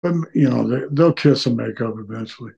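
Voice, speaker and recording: An older man, a retired wrestler, telling rambling stories in a casual interview and breaking into loud whoops. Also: medium pitch, a little fast, gravelly, husky. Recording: dull lo-fi audio.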